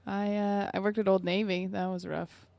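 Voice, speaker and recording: A woman's voice: medium pitch, level tone, moderate pace, gravelly, darkish tone, no echo. A young adult woman co-hosting a podcast, chatting casually with dry, teasing humor. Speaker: podcast co-host. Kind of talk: casual chat.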